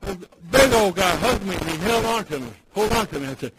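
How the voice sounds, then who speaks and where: A man giving a personal storytelling speech at a recovery meeting, dropping to near-whispers and then building loud. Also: high-pitched, animated, a little fast, very noisy. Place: meeting room with audience.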